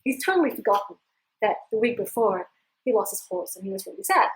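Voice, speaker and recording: A woman life coach telling a fable to camera in an animated, casual storytelling manner, acting out the characters. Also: medium pitch, fast, poor audio.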